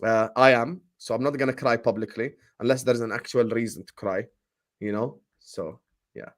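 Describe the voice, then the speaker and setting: A man co-hosting a football fan livestream, reading super chats with slangy, animated banter. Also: medium pitch, moderate pace. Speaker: football show co-host.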